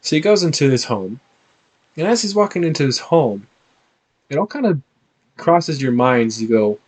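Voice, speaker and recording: Man, game master, tabletop narration, animated, lively pitch. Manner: animated, halting storyteller.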